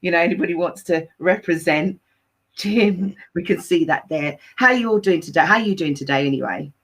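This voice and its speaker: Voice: medium pitch, brisk, a bit bright, slightly rough. A chatty, effusive host running a live online interview show, rambling a little while introducing the guest. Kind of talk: lively live-stream chat.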